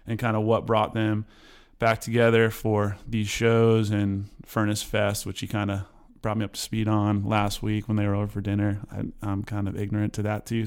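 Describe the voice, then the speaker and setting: A man hosting a podcast in a relaxed, joking way, with lots of fillers and restarts. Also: on the low side, smooth. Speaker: podcast host. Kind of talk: casual interview chat.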